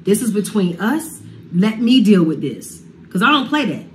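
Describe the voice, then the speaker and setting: A woman's voice: mid-range voice, very animated, moderate pace, darkish tone, slight background noise. A woman talking with passion about a family falling-out, heartfelt and casual. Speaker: singer telling her side of a family feud. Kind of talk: emotional sit-down talk.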